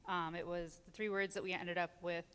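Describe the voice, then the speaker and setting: Woman guest speaker, clear resonant voice, unsure and halting, in a long-reverb hall. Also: on the low side, little pitch movement, a bit bright. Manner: hesitant, many ums, nervous laughs. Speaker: community group organizer, guest. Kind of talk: casual on-stage interview. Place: church sanctuary.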